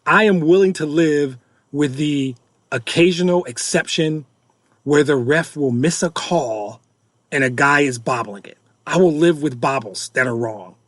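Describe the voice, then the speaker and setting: A man's voice: a little high, measured pace, dry recording. A middle-aged man hosting a fan-reaction podcast, ranting in an exasperated, repetitive way and hammering the same points over and over. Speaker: podcast host.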